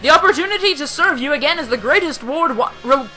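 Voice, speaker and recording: A loud, obnoxious young knight played by a woman swears oaths with booming, overwrought fervor. The voice is high-set and bright. It is game voice-acting done for a let's play. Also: expressive, fast talker, poor audio. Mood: passionate.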